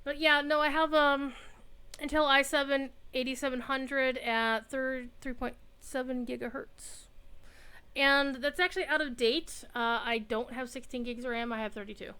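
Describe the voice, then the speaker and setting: A woman's voice: high-pitched, fairly even intonation, a little slow, bright, forceful tone, clear, resonant tone. Chatty woman streamer at home. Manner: chatty and rambling, baby-talks to her cat. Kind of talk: casual live-stream chat. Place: home room.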